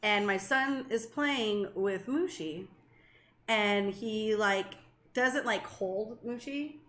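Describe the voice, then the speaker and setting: A woman podcast co-host in casual storytelling chat, animated and swearing freely as she talks. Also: mid-range voice, slow pace. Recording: echoey room.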